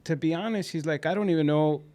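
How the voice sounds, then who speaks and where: A man's voice: fairly high pitch, fast, warm tone. Man telling a clinic story. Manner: storytelling, acting out patient conversations. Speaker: podcast co-host at a dental clinic. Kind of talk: casual podcast chat.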